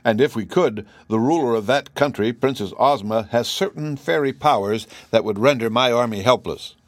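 A man voicing a calm, blunt army general who speaks in a steady, dry manner. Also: medium pitch, normal speed, no echo, close to an everyday voice.

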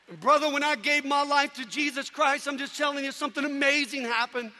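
A man giving an energetic sermon testimony to a crowd, animated and often shouting. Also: very high voice, fairly quick, hardly any pauses, slight background noise. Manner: animated, shouting, mimicking people. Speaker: preacher. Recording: long hall reverb.

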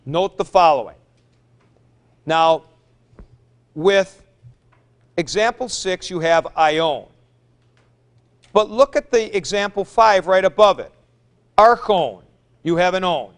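A man's voice: high voice, lively intonation, takes it slowly, long pauses, clear, resonant tone. A man teaching a classroom lecture, patiently explaining step by step and repeating forms aloud at the board. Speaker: Greek teacher.

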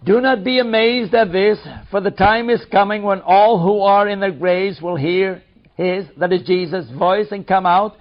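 A man reading a study text aloud in a measured, deliberate way. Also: high voice, steady tone. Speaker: reader. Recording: dull lo-fi recording.

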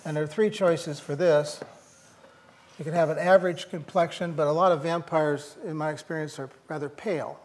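A man's voice: fairly high pitch, fairly even intonation, moderate pace. An older man giving a university lecture, thinking aloud with fillers and restarts and slipping in dry jokes.

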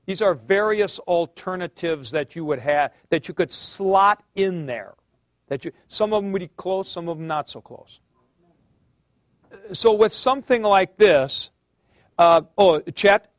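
A male teacher with a high voice gives a classroom lecture at an unhurried pace. He explains patiently, calls on students by name and thinks aloud as he works through a point. The sound is dry and close, with no room echo. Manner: thinks aloud with fillers and restarts.

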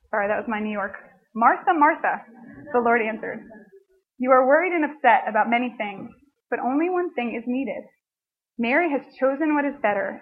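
A woman teaching a Bible passage in a relaxed, conversational way, often dropping in "like" as she talks to a group of students. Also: fairly high pitch, breathy edge. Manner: conversational, frequent "like" asides. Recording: band-limited phone-like sound.

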